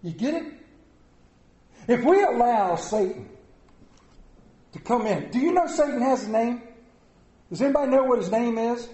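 A man preaching a lively sermon, telling stories with jokey asides. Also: extremely high pitch, normal speed, pauses often, reverberant, rough recording. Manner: animated storytelling, jokey asides.

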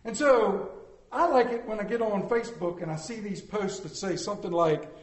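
Male pastor, high voice, homespun conversational sermon, echoey sanctuary. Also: moderate pace. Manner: folksy, conversational preaching with rhetorical questions.

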